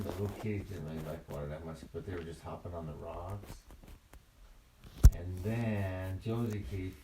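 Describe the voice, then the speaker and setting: Older man telling a low, gentle bedtime story. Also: heavy background noise. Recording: roomy, mic at a distance.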